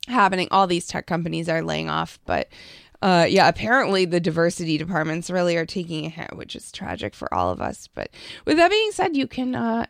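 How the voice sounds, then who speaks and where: Lady co-hosting radio chat, lots of fry, laughy and chatty. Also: lowish voice, very animated, fairly quick, dry recording, studio quality. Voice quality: vocal fry. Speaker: radio co-host. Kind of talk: casual radio talk show banter.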